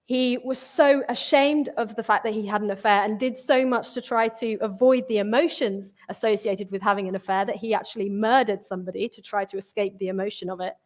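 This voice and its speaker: A woman's voice: mid-range voice, steady tone, a little fast, few pauses. A young woman, preaching in a church in a conversational way and reading scripture with feeling. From England. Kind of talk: sermon.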